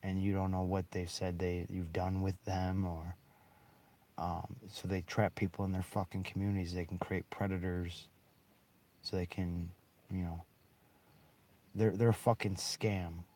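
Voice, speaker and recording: A man's voice: low-pitched, level tone, unhurried, mellow. A man in a rambling, bitter monologue, swearing heavily and breaking into short laughs. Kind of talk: angry monologue.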